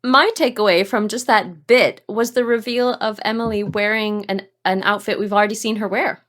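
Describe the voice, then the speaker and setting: A woman co-hosting a podcast, chatting casually about a TV episode with expressive, giggly reactions. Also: mid-range voice, normal speed. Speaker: podcast co-host. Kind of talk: casual chat recapping a TV episode.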